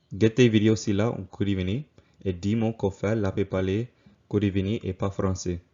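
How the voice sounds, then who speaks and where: A man walks through a recorded slideshow lesson. He repeats every example slowly and catches his own slips. The sound is dull and lo-fi, as from a home computer mic. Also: low voice, mellow. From Louisiana. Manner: patient, repeats each example slowly, self-correcting. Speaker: language teacher.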